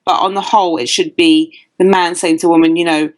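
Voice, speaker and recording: A woman's voice: on the low side, fairly even intonation, fairly quick, poor audio. A woman with a British accent, a dating coach guest on an interview podcast, talking bluntly and emphatically. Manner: emphatic, blunt advice-giving.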